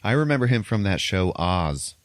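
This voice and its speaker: A podcast host with a lowish, very animated voice casually recaps a movie's plot at a moderate pace, with no room sound. His rambling retelling is packed with fillers.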